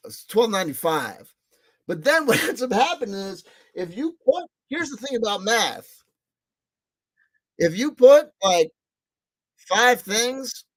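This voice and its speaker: A man vlogging in a rambling casual monologue, excitable and self-mocking, repeating himself, swearing and laughing as he talks. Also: high-pitched, dry recording.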